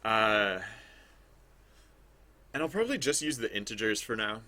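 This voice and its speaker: A man's voice: fairly low pitch, lively intonation, a little slow, bright, forceful tone. A man streaming his game development work, chatting casually and rambling as he thinks aloud. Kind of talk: casual livestream commentary while working.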